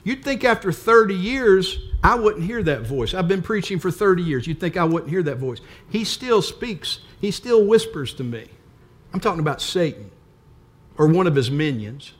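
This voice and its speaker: A man's voice: fairly high pitch, lively intonation, moderate pace. An older man preaching a sermon as pastor, earnest and emphatic, with repeated phrases.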